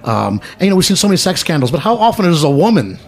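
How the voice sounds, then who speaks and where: Joking crude guy cohosting a chat show, pitch all over the place. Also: sing-song, fast talker. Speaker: podcast co-host. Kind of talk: casual chat.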